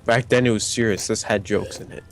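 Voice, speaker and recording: A man's voice: on the low side, steady tone, fairly quick, a little hiss or hum. A man playing a game with a friend, chiming in with teasing, sarcastic remarks while the other reads aloud. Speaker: co-player. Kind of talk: casual chat while gaming.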